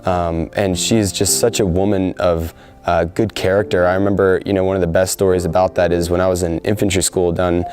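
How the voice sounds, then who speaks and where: A deep-voiced American man in his twenties, a soldier about to deploy, speaks earnestly in a sit-down interview with frequent fillers. His tone is level and darkish, and he talks fairly quickly.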